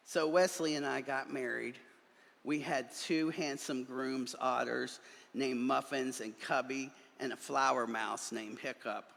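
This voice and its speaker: A male minister reading a children's story aloud in a church, doing animated voices for the characters. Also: medium pitch, unhurried, creaky. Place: church sanctuary. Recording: long reverb of a large hall.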